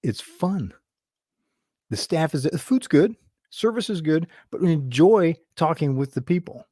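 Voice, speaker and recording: A man's voice: fairly high pitch, expressive, measured pace, dark tone, husky, dry recording, studio quality. A man hosting a business show, telling a customer-service story in a chatty, rambling way with many restarts. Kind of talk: casual talk to camera.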